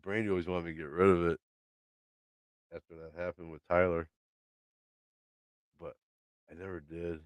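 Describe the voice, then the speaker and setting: A man's voice: deep voice, flat delivery, moderate pace, long pauses, dry recording. A man hosting a casual live stream from his home, telling a story in a loose, swearing way and acting out the lines of the people in it. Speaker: livestream host. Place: home, by his laundry room.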